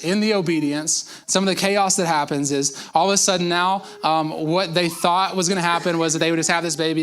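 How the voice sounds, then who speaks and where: A man's voice: a little high, a bit bright. A man preaching a conversational sermon as pastor, telling the story casually with jokes and asides.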